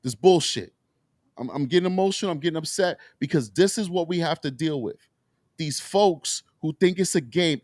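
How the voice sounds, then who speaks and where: Impassioned, profane talk show host. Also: male voice, on the high side, moderate pace, darkish tone, no echo. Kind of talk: heated political talk show.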